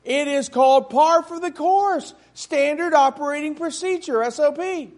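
A man's voice: extremely high pitch, moderate pace, darkish tone. A man preaching a sermon to a congregation in church, emphatic and full of rhetorical questions.

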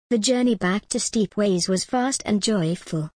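A woman narrating a simple storybook in a plain, measured way. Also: medium pitch, a little mellow, dry recording, studio quality.

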